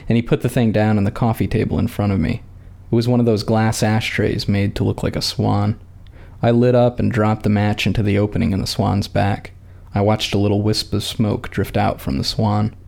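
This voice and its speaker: A man calmly reading a short story aloud in a measured narrating voice. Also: on the low side, vocal fry.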